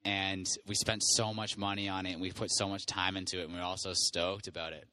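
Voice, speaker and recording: A man on a podcast recalling his old band in relaxed, rambling casual chat. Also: sits low, a little fast. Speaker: podcast host, former band musician.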